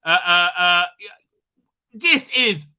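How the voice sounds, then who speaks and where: A man hosting a live stream, rambling excitedly with lots of fillers and tag questions. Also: sits high, slow pace, clean tone. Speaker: show host. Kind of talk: live-stream fan commentary.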